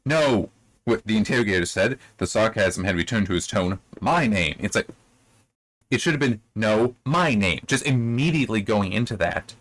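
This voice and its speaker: A man with a low-pitched voice talks through his opinions on a book chapter in a loose, rambling way. He restarts his sentences often and his pitch jumps up sharply when something annoys him. The sound is dry and close, with no room echo. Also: a little fast. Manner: rambling, many restarts, animated swings in pitch. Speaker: book reviewer. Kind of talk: casual spoken critique.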